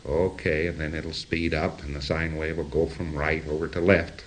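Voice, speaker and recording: A man's voice: low-pitched, little pitch movement, normal speed, few pauses, a little hiss or hum. A man giving an informal lecture, rambling, acting out examples and often checking in with his listeners. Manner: rambling, illustrates with acted-out examples and asides.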